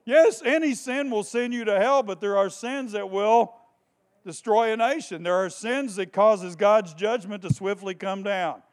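Unhurried and high-pitched, this preacher delivers his sermon with passion, drops to a hush then rises to a shout, and repeats phrases to drive points home.

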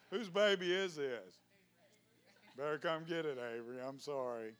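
A man, a pastor preaching fervently to his congregation, speaking in tongues, shouting calls and dropping folksy asides. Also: fairly high pitch, lively intonation, moderate pace, pauses often. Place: church sanctuary with congregation. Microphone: handheld microphone.

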